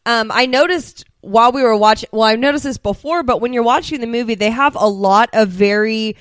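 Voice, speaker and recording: A woman's voice: fairly high pitch, brisk, no room sound, studio quality. A woman co-hosting a podcast in casual chat, laughing often and explaining details. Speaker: podcast co-host.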